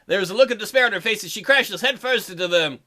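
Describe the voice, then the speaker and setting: A man's voice: high-pitched, lively intonation, quick pace, sharp tone. A man hosting a visual novel playthrough, narrating the text with crude, joking asides. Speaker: let's play host.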